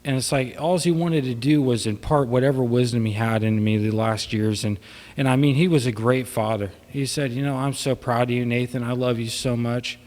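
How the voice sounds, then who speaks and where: A man delivers an unscripted eulogy in a church, his voice sitting at an ordinary middle pitch. He rambles with many fillers, slipping between tearful laughter and quiet sadness. A long reverb trails each phrase through the room. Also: fairly even intonation, fairly quick. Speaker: son giving a eulogy. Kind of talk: informal memorial speech. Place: church hall.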